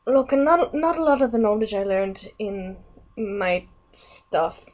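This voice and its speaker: A woman's voice: mid-range voice, lively intonation, slow pace, darkish tone. A woman voicing a hesitant adventurer with half-remembered book learning, rambling with fillers. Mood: musing.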